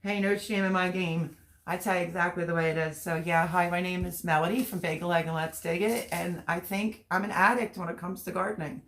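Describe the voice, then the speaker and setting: A woman's voice: fairly low pitch, steady tone, brisk, a bit bright. Giggly woman laughing through a livestream chat. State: teary from laughing. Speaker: livestream host reading chat. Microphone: webcam or phone on a stream.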